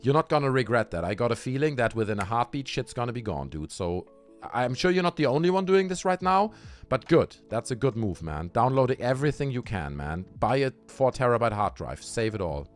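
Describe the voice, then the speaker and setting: A man's voice: medium pitch, sing-song, a little fast, soft background music. A man hosting a livestream, ranting heatedly with lots of swearing and talking straight to his chat while drinking. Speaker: livestream host. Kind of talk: casual livestream rant.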